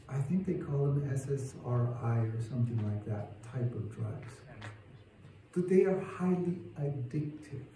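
A man's voice: medium pitch, mellow, slight background noise. Male lay preacher, emphatic, rising fervor; mic far off in a reverberant sanctuary. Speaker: church speaker. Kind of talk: sermon. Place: church sanctuary. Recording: echoey church room heard from a distance.

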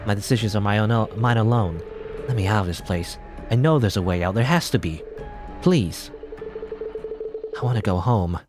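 A trapped young girl who pushes back and pleads to go home, read by a man in his own fairly low voice. Game music plays clearly behind her. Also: lively intonation, moderate pace, pauses often, natural voice. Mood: defiant pleading. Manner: pleading, defiant.

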